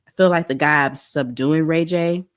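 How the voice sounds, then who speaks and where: Lowish woman host doing pop culture commentary, animated, blunt, acts out quotes. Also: moderate pace, smooth.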